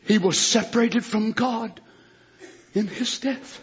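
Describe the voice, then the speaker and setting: High-voiced preacher shouting a sermon. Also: male voice, slow, dull audio. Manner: swings from shouting to hushed, plays God's voice in quotes. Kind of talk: fiery sermon.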